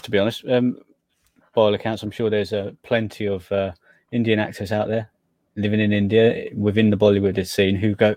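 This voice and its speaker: A man's voice: fairly low pitch, level tone, moderate pace, a little mellow, no room sound. A British man co-hosting a podcast, making laid-back, dry remarks in casual film chat. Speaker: podcast co-host.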